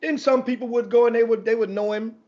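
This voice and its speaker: A man's voice: extremely high pitch, steady tone, fast talker, a little mellow, lo-fi sound. A man hosting a casual sports talk show, telling a long rambling story with many restarts.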